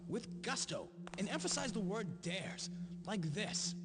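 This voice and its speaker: Fussy stage director, super high voice, slow and drawn out, echoey hall. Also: male voice, very animated, very noisy. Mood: demanding. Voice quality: demanding, exaggerated line readings. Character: fussy male theatre director coaching an actress. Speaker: game character.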